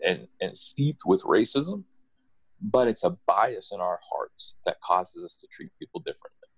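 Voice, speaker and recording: A middle-aged man with a very low voice tells personal stories in a loose, conversational way. He restarts and repeats words as he goes and jumps up in pitch when he quotes people. The recording is dry and close. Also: breathy edge, no echo. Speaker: guest telling personal stories. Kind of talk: casual conversational storytelling.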